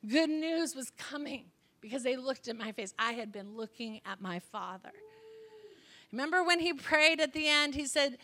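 A woman with a high, bright voice preaches in a prayer room. She tells her stories with animated energy and laughs often between lines. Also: moderate pace. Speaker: guest speaker. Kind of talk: sermon.

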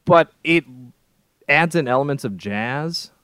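A man co-hosting a podcast, chatting casually about films in a rambling, animated way with lots of restarts. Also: a little high, slow pace, clear, resonant tone, no echo, studio quality. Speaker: podcast co-host. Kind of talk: casual film chat.

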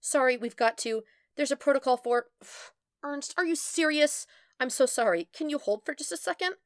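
A woman performs a harried young office worker in a storybook. She is rushed and apologetic, her voice raised well above the reader's own. The sound is close and dry. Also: a little high, very animated, no room sound, pitched above the performer's own voice. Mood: rattled.

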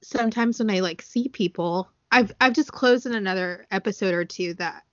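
An earnest woman talks in a casual podcast chat, sometimes near tears, with many fillers. Her voice is mid-pitched for a woman. The recording is dry and a little dull. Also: normal speed, dry recording. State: tearful. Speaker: podcast co-host.

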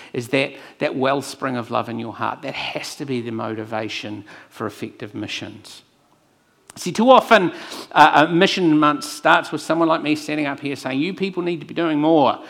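A man preaching a sermon and telling a personal story, earnest, moving between hushed lines and emphatic ones. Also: fairly high pitch. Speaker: pastor.

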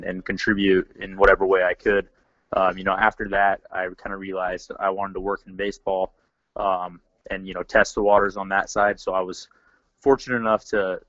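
A man's voice: low voice, no room sound, muffled recording. A man from Seattle, a podcast guest, talking casually with lots of "you know" and "um". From Seattle, Washington. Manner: relaxed, many fillers like "you know" and "um". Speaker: interview guest. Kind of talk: casual interview.

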